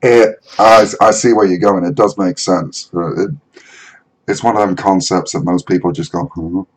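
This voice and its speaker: A man's voice: low voice, normal speed, slightly rough, poor audio. A man co-hosting a podcast in casual chat, chiming in and building on his partner's points. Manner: interjects and builds on the other speaker's points. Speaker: podcast co-host.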